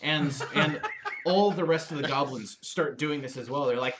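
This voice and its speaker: A man's voice: a little high, moderate pace, heavy background noise. A young man running a tabletop game as dungeon master, narrating the scene loosely with many fillers.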